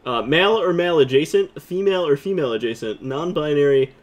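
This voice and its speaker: A man's voice: a little high, fast. A young man hosting a casual let's play with friends, joking, laughing and reading game prompts aloud with lots of restarts. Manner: goofy, laughing often, rambling restarts.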